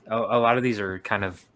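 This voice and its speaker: A man with a lowish voice playing a tabletop role-playing game, working through his options hesitantly and thinking aloud as he goes. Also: fairly even intonation, moderate pace, a bit bright. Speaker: player.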